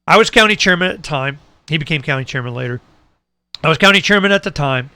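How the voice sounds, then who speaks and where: Bright, lively middle-aged male talk host. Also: fast, dry recording. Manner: animated storyteller, drops pitch low for asides. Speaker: radio show host. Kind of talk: casual storytelling chat.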